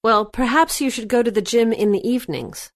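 Polite female office boss, measured and concerned, read by a woman for a lesson dialogue; fairly high voice. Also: close to an everyday voice. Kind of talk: scripted dialogue for a language lesson.

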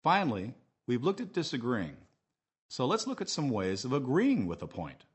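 The narrator, a male English teacher, sets out phrases for learners to repeat. He speaks in a clear, measured way, and his husky, low voice carries lively intonation.

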